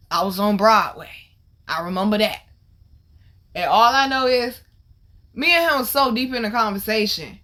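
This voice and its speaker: A woman hosting her vlog, retelling a story in casual, animated, slang-heavy talk with plenty of swearing. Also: medium pitch. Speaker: vlog host.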